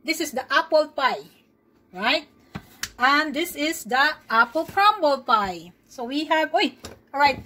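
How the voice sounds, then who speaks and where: A woman's voice: sits high, animated, unhurried, bright, forceful tone, low-quality recording. A woman talking her daughter through baking pies in a home kitchen, chatty and coaxing. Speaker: home cook and mother. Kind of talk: casual cooking vlog.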